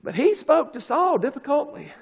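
A man preaching a sermon who swings between quiet asides and shouted exclamations, calling out praises as he goes. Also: very high voice, big pitch swings, moderate pace, creaky. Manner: calls out "glory, hallelujah".

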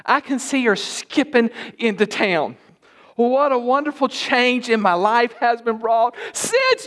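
A man preaching a sermon in a church, emphatic and at times rising to shouts. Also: very high voice, very animated, measured pace. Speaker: pastor.

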